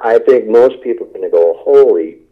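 A man's voice: mid-range voice, fast talker. A man, a rock singer, giving an interview and talking casually and enthusiastically, rambling with many fillers and restarts. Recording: tinny phone line.

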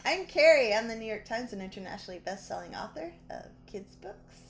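A woman's voice: fairly high pitch, lively intonation, brisk. A woman hosting a podcast in casual, playful chat, laughing often, recorded outdoors at dinner. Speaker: podcast host.

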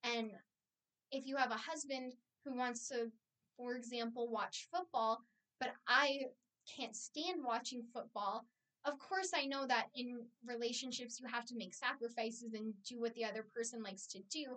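A woman's voice: a little high, normal speed, fairly bright tone. A young woman co-hosting a casual podcast, playful and explaining her ideas at length. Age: young adult. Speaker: podcast co-host. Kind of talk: casual chat. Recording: too far from the microphone.

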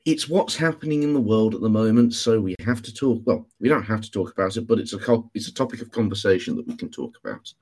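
A man's voice: on the low side, fast, few pauses, a little mellow, breathy edge. A young man, a university student co-hosting a podcast over a patchy online call, rambling and cursing as he corrects himself mid-sentence. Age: young adult. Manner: sweary, rambling, self-correcting. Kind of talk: casual chat. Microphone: computer mic over a dropping internet call.

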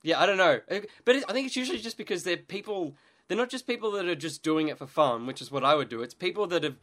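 A man chatting casually as a podcast co-host, groggy after a late night, talking in a halting way with restarts and quick laughs. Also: sits high, expressive, a bit bright. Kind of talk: casual chat.

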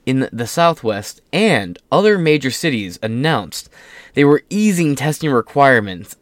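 A man's voice: medium pitch, very animated, measured pace, no echo. A young man hosting a casual commentary show, reading news aloud with rambling, profane asides and off-the-cuff remarks. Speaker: political commentary host.

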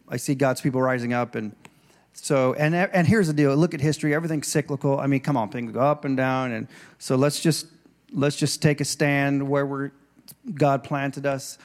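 In a church, a male pastor with a medium-pitched voice preaches in a conversational, digressive style, restarting sentences and acting out the voices of scripture with rising emphasis.

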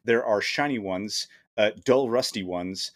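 A man's voice: fairly low pitch, measured pace, a bit bright. A man co-hosting a casual podcast, riffing on a bad movie and reading incredulously from his notes. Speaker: podcast co-host.

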